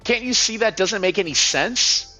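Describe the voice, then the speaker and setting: A man's voice: high-pitched, expressive, normal speed, bright, forceful tone, soft background music, pitched above the performer's own voice, full character voice, poor audio. A man voicing a nervous, skeptical young male office worker who stammers and argues reasonably. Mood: doubtful.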